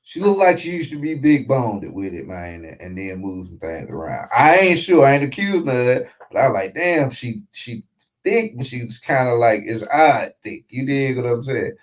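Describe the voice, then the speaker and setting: A man hosting a casual reaction commentary show, talking in an animated, slangy way with frequent asides. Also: medium pitch, moderate pace, rough recording. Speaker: show host reacting to a clip.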